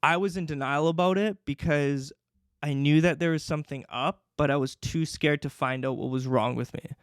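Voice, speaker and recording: Brief: young Canadian-raised man, casual storyteller, high-ish voice, dry close mic. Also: normal speed, clean tone, dry recording. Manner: chatty, many fillers. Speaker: podcast host.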